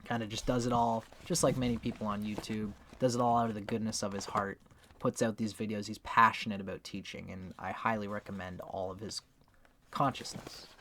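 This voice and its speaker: A man's voice: fairly low pitch, slight background noise. Conversational man explaining astrology. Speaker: astrology teacher. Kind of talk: casual spoken book review.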